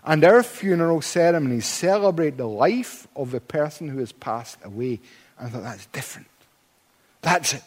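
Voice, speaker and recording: A man's voice: fairly high pitch, expressive, normal speed, darkish tone, long reverb tail. A man preaching a sermon in church, emphatic, with dry humorous asides.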